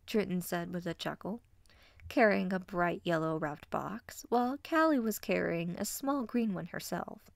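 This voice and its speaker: A woman reading fanfiction aloud as a storybook narrator, steady and expressive. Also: fairly low pitch, normal speed, vocal fry, no room sound, clean studio sound. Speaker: fanfiction reader.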